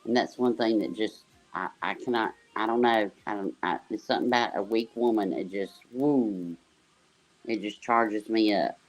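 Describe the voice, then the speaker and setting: Speaking at a normal speed in a very deep voice, a woman on a casual livestream panel rambles as a guest, leaning heavily on "you know" and other fillers.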